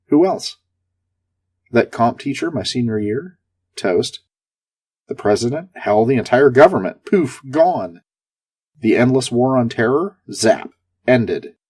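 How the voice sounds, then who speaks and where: A man's voice: mid-range voice, darkish tone, breathy edge. A man narrating a first-person sci-fi story in a sardonic, darkly comic tone.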